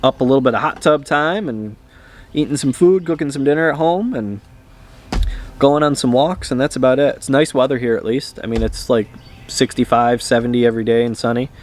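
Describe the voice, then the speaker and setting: A man vlogging in a relaxed, rambling way, with frequent hesitations and fillers. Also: medium pitch, brisk, slight background noise. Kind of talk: casual chat to camera.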